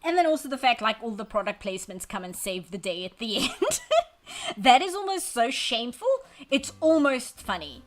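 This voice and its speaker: With faint background music and a noisy backdrop, this woman streams herself drawing and chats away at a normal speed. Her voice is a little high and swings widely in pitch. She's a wry, self-deprecating rambler who reads out chat messages and responds to them.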